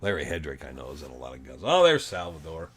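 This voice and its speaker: A man's voice: a bass voice, fast, fairly bright tone, breathy edge. A middle-aged man from Arizona hosting a livestream, chatting casually and rambling with many ums. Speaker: livestream host.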